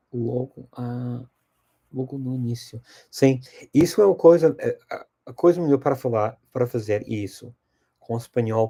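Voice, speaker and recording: A man's voice: mid-range voice, vocal fry, dark tone, husky. A middle-aged man hosting a language-learning channel, casually answering viewer questions and thinking aloud as he goes.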